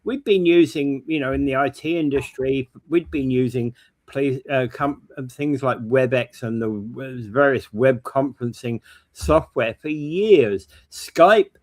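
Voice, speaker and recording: Man, talk show co-host, explanatory, casual, medium pitch. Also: unhurried. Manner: explanatory, tech-minded. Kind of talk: casual chat.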